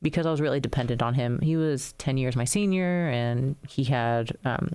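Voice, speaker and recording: A woman in her thirties co-hosting a casual chat, telling stories in an animated way and laughing often. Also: very deep voice, moderate pace, clear, resonant tone. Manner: animated storyteller, laughs often, mimics voices in anecdotes. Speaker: podcast co-host, wrestler.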